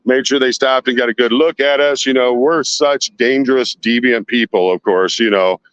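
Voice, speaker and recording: A man's voice: mid-range voice, normal speed, fairly bright tone, clear, resonant tone, no echo. A man streaming outdoors at night from a handheld phone, chatting with viewers and firing off indignant rhetorical questions while he sweats. His voice sits mid-range. The audio is dry and a little dull, like a phone mic. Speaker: live-streaming protester. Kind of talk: casual live stream, reading chat.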